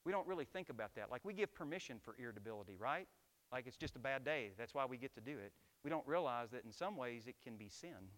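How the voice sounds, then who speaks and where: Bright-voiced pastor preaching emphatically. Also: male voice, medium pitch, lively intonation, quick pace. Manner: emphatic preaching with rhetorical questions to the congregation. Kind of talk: sermon.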